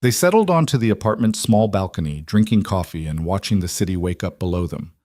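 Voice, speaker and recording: A man narrating a drama story in scripted, even, measured storytelling. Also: deep voice, dry recording, studio quality.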